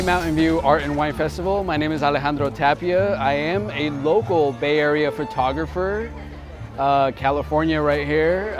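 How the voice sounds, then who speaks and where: A man casually promoting his photography work at an outdoor festival booth, relaxed with plenty of fillers. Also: fairly high pitch. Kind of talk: self-promotional pitch to camera.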